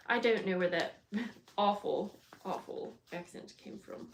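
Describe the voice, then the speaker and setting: A woman of medium pitch talks casually on a live craft stream while binding a journal in her home studio. She greets viewers by name between steps and thinks aloud in a chatty, scattered way as she works. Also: a little slow, vocal fry, background noise. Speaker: bookbinding crafter hosting a livestream.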